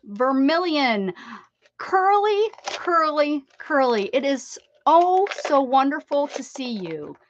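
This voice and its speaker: A woman's voice: high-pitched, big pitch swings, takes it slowly, dull audio, slight background noise. A woman with an American accent hosting a casual craft livestream, rambling and greeting viewers from the chat with sing-song repeats. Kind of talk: casual chat with live chat readers.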